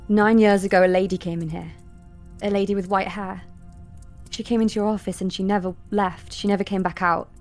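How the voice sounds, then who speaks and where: A woman's voice: medium pitch, fairly even intonation, fairly quick, faint music behind, lightly acted. A woman playing a defiant young orphan in a tabletop game, confrontational and demanding answers.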